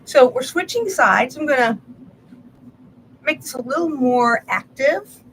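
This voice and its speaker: A woman leading a yoga and movement class, calmly cueing breath and stretches with the odd soft laugh. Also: high voice, a little slow, slight background noise, rough recording. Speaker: yoga instructor. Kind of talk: guided movement instruction.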